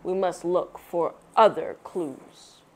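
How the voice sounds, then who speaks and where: A woman doing a big booming Papa Bear. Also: steady tone, slow pace. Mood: cautious. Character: big gruff father bear, protective.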